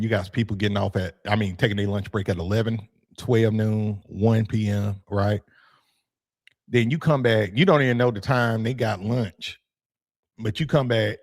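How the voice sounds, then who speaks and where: An animated man in casual podcast talk, joking and laughing often as he makes his points. His delivery is loose and conversational, with plenty of casual swearing. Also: medium pitch. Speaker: youth football coach and podcast host. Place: room with his degree on the wall.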